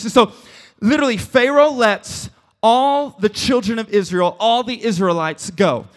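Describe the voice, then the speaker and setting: A man preaching a casual, joking sermon as a pastor, retelling a story with quick asides and playful voices for its characters. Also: high voice.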